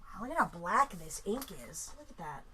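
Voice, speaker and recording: A woman's voice: medium pitch, sing-song, normal speed, pushed and bright, slight background noise. A woman artist hosting a livestream, chatting casually and rambling to herself as she paints in her studio. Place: art studio.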